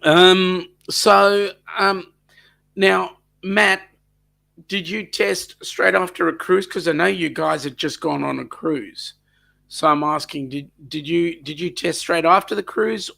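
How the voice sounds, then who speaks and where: A man's voice: a little high, slow, gravelly, bright, forceful tone. A man hosting a live stream, chatting casually and reading out viewer comments, with lots of ums and restarts. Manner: chatty, repeats himself, many ums.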